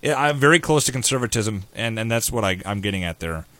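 Radio host guy, bright punchy voice, dry close studio mic, snarky and brash. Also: on the low side, expressive, no room sound. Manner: brash, sarcastic, rapid-fire. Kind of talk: opinionated talk radio banter. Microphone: studio microphone.

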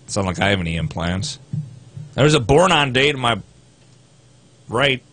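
A man's voice: medium pitch, animated, normal speed, fairly bright tone, dry recording. Sarcastic man reading articles aloud. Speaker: co-host.

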